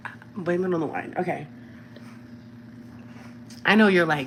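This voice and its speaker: A woman's voice: fairly low pitch, expressive, moderate pace, long pauses, very noisy. Chatty woman livestreaming from home on her phone. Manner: chatty, talks straight to viewers, often drops to a whisper. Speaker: livestream host. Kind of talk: casual livestream chat. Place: home, walking through rooms. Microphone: phone held at arm's length.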